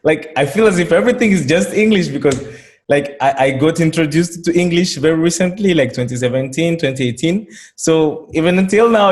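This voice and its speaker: A man's voice: on the high side, a little mellow. A man from Congo, a French speaker, hosting a casual conversation. He talks earnestly and often repeats words as he starts a thought. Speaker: host.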